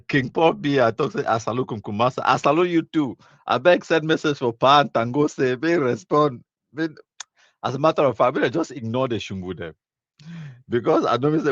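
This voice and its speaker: A man's voice: mid-range voice, dry recording, muffled recording. A man with a Cameroonian accent hosting a live stream, casually reading viewer comments aloud, mixing in Pidgin and laughing often.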